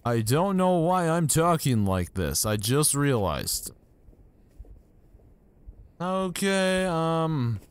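A young man casually commenting as he plays a video game, with excitable, self-mocking reactions into a desk microphone. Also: a little high, drawn-out words, pauses often, smooth, no echo. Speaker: gaming YouTuber. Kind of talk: casual let's-play commentary. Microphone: new desk microphone.

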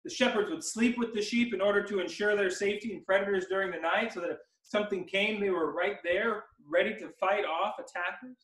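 A man preaching an expository sermon as pastor, emphatic and slowing down to stress key words. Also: sits high, a bit bright, echoey room, far from the mic, rough recording. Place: church sanctuary.

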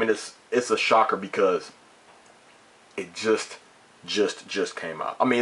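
A man's voice: lowish voice, fairly bright tone. A man vlogging a casual opinion rant about gaming, emphatic and repetitive, with mild swearing and frequent restarts.

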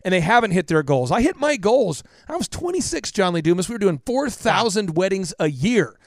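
A man in his thirties tells stories as a podcast guest. He pushes his points with emphatic repetition and sinks to a hush in tender parts. His voice sits slightly high and sounds close and dry. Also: big pitch swings, brisk, no echo. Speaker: podcast guest, business coach. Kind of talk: impassioned storytelling interview.

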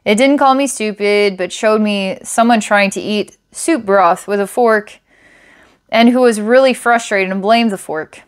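A young adult woman in the middle of an online psychic reading, talking to the camera in a relaxed, casual way. She is openly enthusiastic and laughs often. She thinks aloud in a voice of ordinary pitch. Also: unhurried, clear, resonant tone. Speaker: psychic reader.

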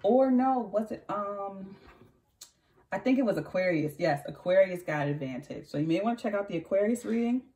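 A woman's voice: medium pitch, expressive, normal speed, dark tone. A woman giving a casual tarot reading who chats freely, corrects herself and laughs often. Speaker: tarot reader.

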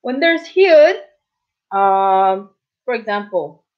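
A woman in her thirties giving a casual spoken lesson as a language teacher, patiently repeating words slowly and checking in often. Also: medium pitch, very animated. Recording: dull, muffled lo-fi audio.

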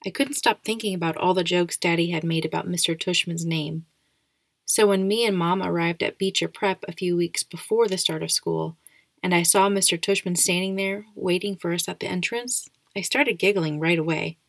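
Casting: female audiobook reader, steady, slight vocal fry. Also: on the low side, moderate pace, dry recording. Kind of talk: storybook narration.

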